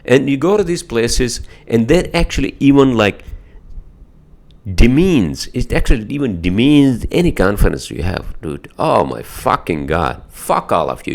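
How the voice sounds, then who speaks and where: A man hosting a podcast alone, delivering an angry, profane rant full of filler words and loud rising jabs of "all right?", at home by his desktop computer. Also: mid-range voice, sing-song, measured pace, creaky. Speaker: podcast host. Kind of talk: casual solo podcast rant.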